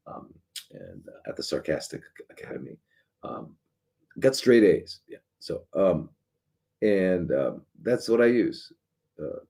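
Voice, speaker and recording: A man's voice: low-pitched, huge pitch swings, slow pace, gravelly, mellow. A middle-aged man, a doctor hosting a live show, talking casually in a sarcastic, rambling way with many restarts and fillers.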